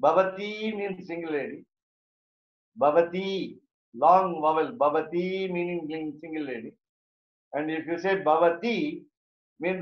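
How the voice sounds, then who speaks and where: A man explains Sanskrit grammar to a class, pausing often on "uh" and repeating himself. His voice sits a little high for a man. The recording is roomy and muffled, with a dull, lo-fi tone. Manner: halting, many "uh" fillers and repeats. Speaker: teacher of scripture.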